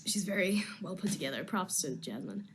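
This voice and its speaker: A woman's voice: fairly low pitch, expressive, brisk, slight background noise. A young woman actress chatting casually on a live video stream from home, answering fan questions in a rambling, easily sidetracked way.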